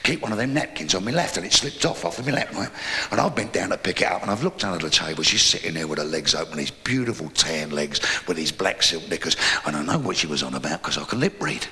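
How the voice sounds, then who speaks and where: Brash London comic, gravelly and lively. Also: male voice, sits low, fast, in a large hall, a little hiss or hum. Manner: brash, crude storytelling with shouted punchlines. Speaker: stand-up comedian. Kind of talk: live stand-up routine. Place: live comedy venue.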